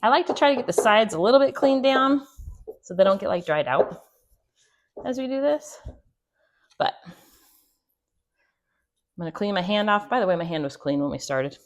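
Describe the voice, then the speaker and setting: A woman's voice: medium pitch, lively intonation, moderate pace, pauses often. A chatty woman gives a casual cooking demonstration in her home kitchen, joking and laughing at herself as she works. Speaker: homestead host. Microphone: clip-on mic.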